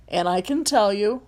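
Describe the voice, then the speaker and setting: A woman's voice: mid-range voice, darkish tone. A woman with a light Southern accent, a rideshare driver and vlogger, talking casually through a phone tutorial, rambling with frequent ums and restarts.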